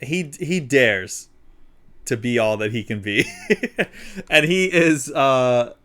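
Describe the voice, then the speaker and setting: A man's voice: medium pitch, expressive, takes it slowly, a bit bright. A man with a mid-range voice talks with his co-host on a live stream. He is easygoing and laughs often. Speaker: podcast co-host. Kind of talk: casual chat.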